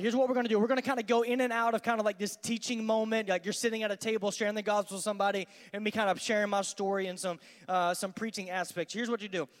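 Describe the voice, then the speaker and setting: A man, a student pastor giving an energetic, conversational youth sermon in a large church hall. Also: high voice. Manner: energetic, conversational, acts out dialogues. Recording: long hall reverb.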